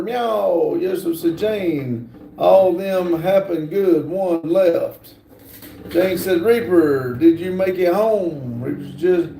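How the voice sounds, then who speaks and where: A man hosting a casual live stream, slowly reading viewer comments aloud with lots of fillers. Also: high-pitched, vocal fry, mellow, reverberant. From United States. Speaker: livestream host reading chat.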